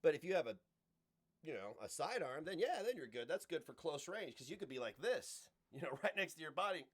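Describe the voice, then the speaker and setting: A man's voice: a little high, sing-song, fairly quick, breathy edge. A man live-streaming, chatting loosely with viewers, joking and laughing often as he reads chat aloud.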